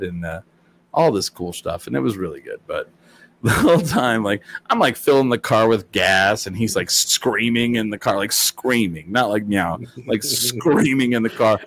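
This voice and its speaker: Low-voiced man telling a rambling story. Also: sing-song, moderate pace, a bit bright, slight background noise. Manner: rambling, laughing, profane storytelling. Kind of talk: casual storytelling chat.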